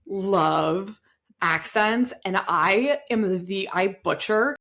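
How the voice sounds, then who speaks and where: Animated, swearing woman in casual talk. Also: mid-range voice, drawn-out words. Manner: animated, swearing, many fillers. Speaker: podcast co-host. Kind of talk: casual conversation.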